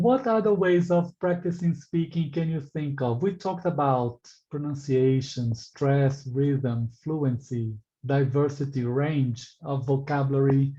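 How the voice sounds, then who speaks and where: A man's voice: mid-range voice, dark tone, lo-fi sound. A man teaching an English exam class, articulating his sounds with care and asking the students questions. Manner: slow, deliberately articulated teaching delivery; engaging, asks the class questions and reacts to answers. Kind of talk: live online class.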